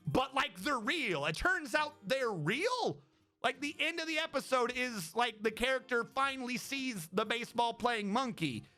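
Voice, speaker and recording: A man with a high, bright voice talks casually on a stream. He rambles, swears often and keeps restarting his sentences. Faint music plays quietly underneath. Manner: rambling and profane, with many restarts. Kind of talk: casual chat.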